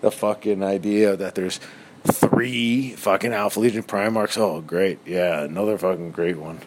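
A deep-voiced man with a New Jersey accent rants in an exasperated, swearing-heavy podcast monologue. A faint hiss of background noise sits under his voice. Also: steady tone, measured pace. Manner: constant swearing, exasperated ranting. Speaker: podcast co-host. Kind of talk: profane comedic rant.

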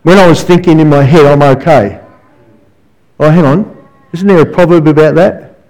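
A man preaching a sermon as a guest counsellor, with a fairly high voice. He tells stories animatedly, tossing in asides and quick rhetorical questions to the crowd. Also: darkish tone, rough recording.

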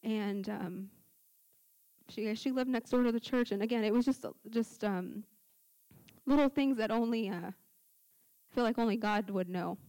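Speaking into a handheld mic during a church service, a young woman tells her personal testimony as a story, performing the dialogue she quotes. She has a fairly high, slightly mellow voice and talks a little slowly, pausing often. There is no room sound.

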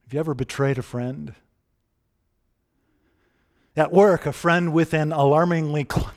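A man preaching a sermon in a conversational way, often asking the listeners direct questions. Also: on the high side.

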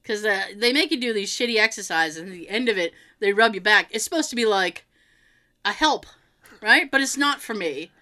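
A woman chatting casually, telling an animated, laughing story with plenty of swearing. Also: medium pitch, a little fast. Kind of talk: casual chat.

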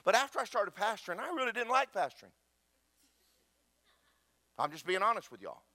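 This preacher's voice is high-pitched and fairly quick, recorded with no room sound. He animatedly jokes, tells stories, and talks right to the people in his church.

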